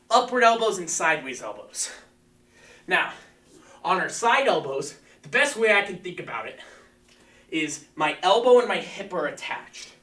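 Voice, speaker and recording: A man's voice: a little high, bright, forceful tone. A man teaching a live-streamed martial arts class, coaching energetically and calling out counts. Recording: echoey room, mic at a distance.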